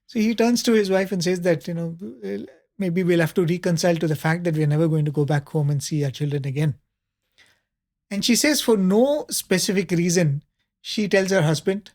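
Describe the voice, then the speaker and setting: A man, a panelist telling a spiritual story in a conversational way, often pausing with fillers and soft laughs. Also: high-pitched.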